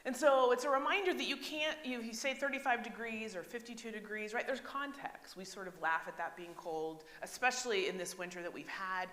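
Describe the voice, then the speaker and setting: A woman's voice: medium pitch, fairly bright tone. An American woman pastor preaching a conversational sermon, often asking the congregation questions and checking in with "right?". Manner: chatty, asks the congregation questions, frequent "right?". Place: church sanctuary. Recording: echoey church hall.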